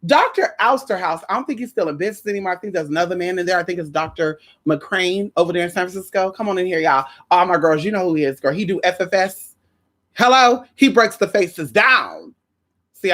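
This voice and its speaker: Sassy low-voiced woman hosting a livestream. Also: brisk. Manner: sassy and animated, calls viewers honey and girl; swoops high for greetings and drops low for asides. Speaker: livestream host greeting viewers. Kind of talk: casual livestream chat.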